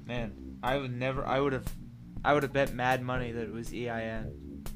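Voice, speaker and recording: A man's voice: medium pitch, fairly even intonation, normal speed. A man in his twenties co-hosts a casual podcast and jokes at his own expense. He talks loosely and plainly. Faint music sits in the background. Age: 20s. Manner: joking, self-deprecating. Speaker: podcast co-host.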